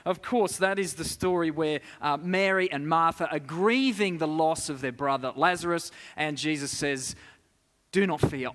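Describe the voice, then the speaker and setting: A man's voice: a little high, a bit bright, big-room sound. A man leading an interactive Bible lesson in church, talking conversationally and putting questions to the congregation. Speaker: preacher.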